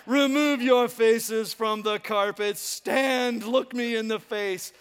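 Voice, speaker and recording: A man's voice: very high voice, steady tone, slow, smooth, pitched above the performer's own voice. A man in his fifties playing a pompous, grandiose god-king issuing commands to his subjects. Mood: imperious. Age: 50s.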